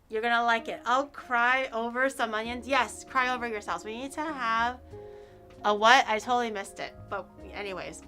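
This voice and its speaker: A woman streamer chatting casually with viewers, playful and excitable, breaking into squeals and laughter. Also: a little high, moderate pace, soft background music. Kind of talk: casual live-stream chat.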